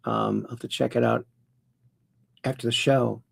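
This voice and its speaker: A man's voice: mid-range voice, little pitch movement, moderate pace, gravelly, slightly rough, no room sound. A man hosting a casual livestream, rambling playfully, greeting chat viewers by name and making puns. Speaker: livestream host.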